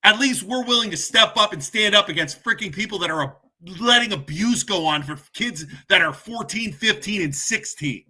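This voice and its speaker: A man in full furious rant mode, hammering his points with short repeated phrases. His voice sits high and comes out sharp and forceful as he vents as a parent and coach. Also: lively intonation, moderate pace, few pauses, slightly rough. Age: adult, parent. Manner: furious, ranting, punchy repetition. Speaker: podcast host. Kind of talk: angry monologue to camera.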